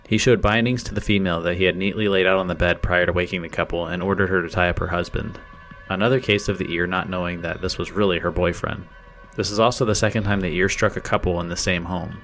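A man hosting a podcast, reading true-crime case details in a measured, matter-of-fact way. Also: low voice, vocal fry, fairly bright tone. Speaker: podcast host.

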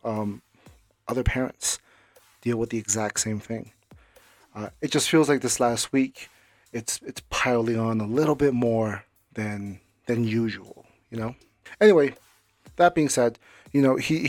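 A man's voice: medium pitch, no room sound. Guy with a cold and a cough just rambling on his podcast, lots of uh and restarts, dry close mic. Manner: rambling, with many fillers and restarts. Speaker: podcast host. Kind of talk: casual solo podcast talk.

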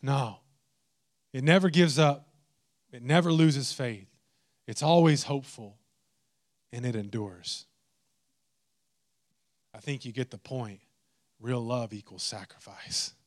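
A man preaching a sermon, animated and humorous, swinging into mock exasperation. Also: medium pitch, slow pace, pauses often. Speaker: pastor.

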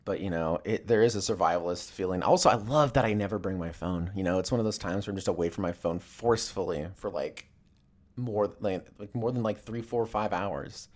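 A man's voice: low voice, a little fast. A man ranting casually and comedically, rambling and swearing as he tells stories. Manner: rambling, profane, animated storytelling.

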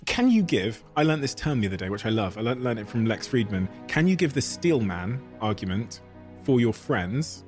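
Male host, lowish voice, curious interviewer, light music underneath. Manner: curious, probing questions. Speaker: podcast host. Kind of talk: interview questions.

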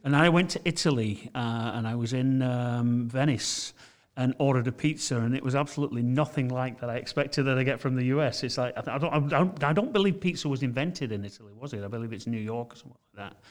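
A man's voice: medium pitch, fast. A man from the United Kingdom, chatting casually as a podcast co-host and telling long, rambling stories full of restarts. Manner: rambling storyteller, many restarts and fillers. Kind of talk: casual chat.

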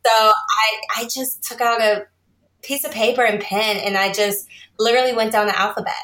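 A woman's voice: fairly high pitch, steady tone, moderate pace, bright, forceful tone. Chatty woman guest in a roomy space. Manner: chatty, laughs often, explains at length. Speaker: podcast guest, small business owner. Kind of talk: casual interview talk. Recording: roomy echo.

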